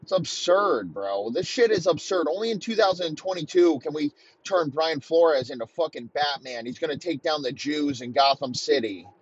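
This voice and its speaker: A man in his thirties delivering a heated, profane comedic rant, talking in rapid-fire bursts. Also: fairly high pitch, expressive, slightly rough, highs cut off. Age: 30s.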